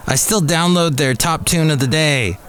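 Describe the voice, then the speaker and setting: A man's voice: a little high, normal speed, fairly bright tone, a little hiss or hum. A man in his fifties hosting a casual solo podcast from a café. He rambles through the news with self-deprecating asides. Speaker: podcast host. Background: faint background music.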